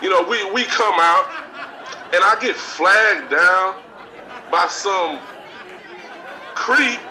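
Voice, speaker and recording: A man's voice: high-pitched, takes it slowly, sharp tone, heavily acted. A man playing a foul-mouthed swaggering show star. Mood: swaggering rant. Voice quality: profane, swaggering delivery. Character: brash cocky male talk-show star, foul-mouthed braggart. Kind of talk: live comedic stage rant. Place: theater stage. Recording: distant live recording with crowd noise.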